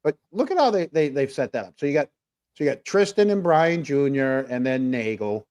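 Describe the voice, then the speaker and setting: A man's voice: medium pitch, animated, fairly quick, darkish tone, highs cut off. A man co-hosting a casual livestream talk show, rambling through viewer comments with plenty of fillers. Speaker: podcast co-host.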